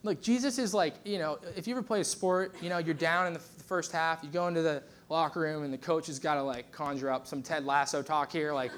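A man's voice: fairly high pitch, fairly quick. A man preaching a conversational sermon as pastor, telling stories with lots of fillers and restarts.

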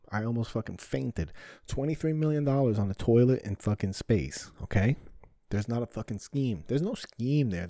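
A man's voice: mid-range voice, dark tone, dry recording, studio quality. A man hosting a podcast, ranting heatedly with lots of swearing and rhetorical questions. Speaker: podcast host. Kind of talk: ranting solo podcast talk.

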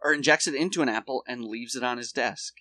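A man's voice: medium pitch, fast talker, sharp tone, no room sound. Male podcast co-host, crude storyteller, dry close mic. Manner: rambling storyteller, swears, acts out quotes in shifting voices. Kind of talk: casual chat.

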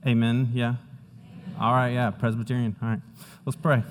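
A young man preaches to his congregation in an easy, conversational tone, slipping into animated retellings of his own stories. His voice has a middling pitch and carries the long reverb of a large church hall. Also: moderate pace, a little hiss or hum. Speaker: pastor. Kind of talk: sermon.

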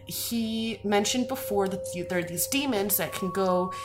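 A woman's voice: mid-range voice, moderate pace, music in the background. A young woman casually recapping a film plot, giggling, rambling and swearing freely as she goes. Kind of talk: casual chat.

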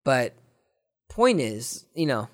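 Rambling, jokey podcast host. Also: male voice, medium pitch, slow. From Southern California. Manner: rambling and jokey, with excited bursts. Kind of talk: casual chat, answering listener questions.

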